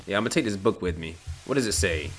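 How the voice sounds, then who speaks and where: A young man giving casual commentary on a horror game, loud, jumpy and swearing, taunting the monster and then panicking. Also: low voice, expressive, fast, very noisy. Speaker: gameplay streamer.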